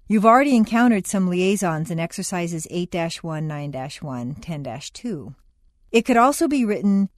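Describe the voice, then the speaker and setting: Lively-voiced woman reading a lesson. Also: mid-range voice, no echo, studio quality. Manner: clear, measured announcing of headings and rules. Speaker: narrator of an accent lesson. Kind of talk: scripted instructional reading.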